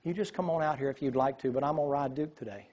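A man telling a lively story in a sermon, acting out the voices of the people in it. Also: medium pitch, quick pace, highs cut off. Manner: animated storyteller, quotes voices.

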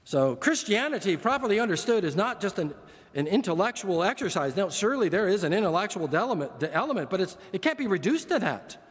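A man's voice: high voice, sing-song, fast, breathy edge. An older man preaching a sermon as pastor, earnest and emphatic, building points through repetition. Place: church sanctuary. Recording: long church reverb.

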